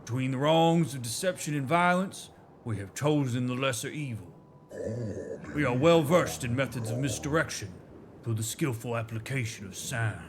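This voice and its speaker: A man's voice: medium pitch, moderate pace, a little hiss or hum, close to an everyday voice. Man playing creature craftsman, Southern drawl, formal bargaining tone, video game. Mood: resolute. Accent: Southern US drawl, put on. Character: shrewd male Grandest craftsman and trader.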